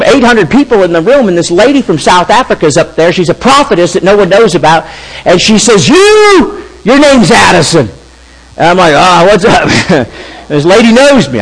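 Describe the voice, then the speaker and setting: A man in his fifties preaches in a high, light voice and tells his story in a conversational way. His delivery is animated, and he acts out what other people said in quick asides. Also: poor audio. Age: 50s. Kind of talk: sermon storytelling.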